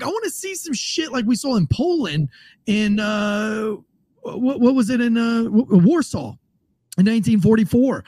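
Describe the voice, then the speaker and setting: A man hosting a casual political podcast, telling stories in a profane, rambling, excitable way. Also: very high voice, dry recording. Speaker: podcast host.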